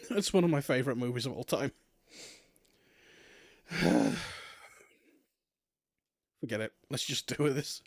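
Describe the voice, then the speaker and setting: A man's voice: medium pitch, takes it slowly, gravelly, pauses often, slightly rough. A man streaming a game, chatting in a giggly, rambling, self-mocking way. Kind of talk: let's play commentary.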